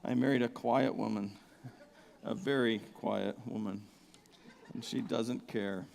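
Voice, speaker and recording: A middle-aged man preaching a sermon, with a big outdoor voice, telling stories with humor and swinging from soft asides to loud excited bursts. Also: on the low side, unhurried, gravelly, long reverb tail, slight background noise. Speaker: pastor. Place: church sanctuary.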